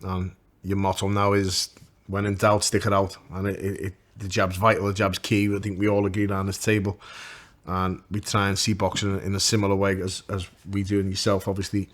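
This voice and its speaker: Host, lowish voice with little rise and fall, earnest questions. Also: male voice, monotone, a little fast. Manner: earnest, asks questions at length. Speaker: podcast host. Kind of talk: casual interview chat.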